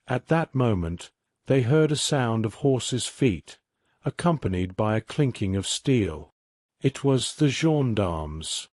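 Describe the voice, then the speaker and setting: A man narrating a classic mystery story as a calm, even bedtime reading. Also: medium pitch, no echo, clean studio sound.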